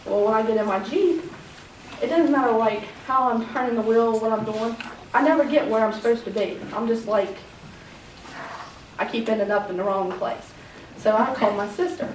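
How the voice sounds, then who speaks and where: A woman's voice: a little high, normal speed, a little mellow. This is a woman giving public comment at a county meeting. She wanders through her account with plenty of ums and quoted back-and-forth. Her voice carries from a distance in an echoey room, with a faint hum behind it. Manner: rambling, many fillers, acts out quoted dialogue.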